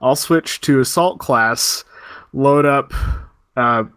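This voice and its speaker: A man on a casual podcast explaining a gaming tactic in a relaxed way. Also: medium pitch, slow, clear, resonant tone, dry recording, studio quality. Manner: relaxed, explanatory, brief restarts.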